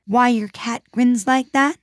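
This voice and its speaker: An earnest young girl, put on by a woman, polite yet fed up, pressing her questions in a raised, bright voice. The sound is dry and close. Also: fairly high pitch, fairly even intonation, unhurried, dry recording, pitched above the performer's own voice, lightly acted.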